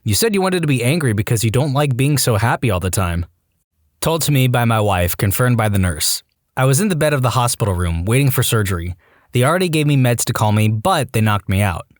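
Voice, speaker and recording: A man narrates reddit stories with animated, swinging intonation and breaks off into exasperated asides. His voice sits at a middle pitch, and the recording is dry and close. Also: fairly quick, no echo. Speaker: story narrator.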